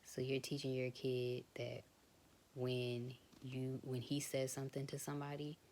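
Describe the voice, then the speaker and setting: A woman's voice: rumbling low, monotone, a little slow. Young woman vlogger, frank casual talk, faint hiss behind her. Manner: frank, conversational, drifts into soft whispers. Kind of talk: casual personal talk to camera.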